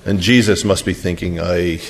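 A man's voice: fairly low pitch, normal speed, a little hiss or hum. Man preaching with wide dynamic swings. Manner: storytelling, wide swings from hushed to emphatic. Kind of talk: sermon.

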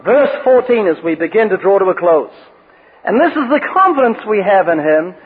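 A preacher with a high-pitched, husky voice is very animated, keeping a moderate pace as he blends scripture readings with light, joking stories. His sermon comes through a thin, phone-like radio broadcast that fades into a long reverb.

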